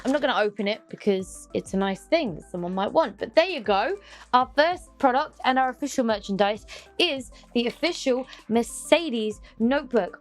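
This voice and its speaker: A young woman, chatting excitedly through an unboxing and humming little tunes as she goes. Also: a little high. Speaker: unboxing vlogger. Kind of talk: casual unboxing chat.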